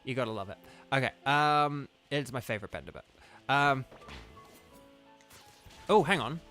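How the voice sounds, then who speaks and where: A man talks loosely to his viewers while he streams a game, and he drifts from one tangent to the next with a steady stream of "like". His voice sits at an ordinary middle pitch. Faint music plays under his chat. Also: moderate pace. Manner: rambling and digressive, heavy use of "like". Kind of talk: casual live-stream chat.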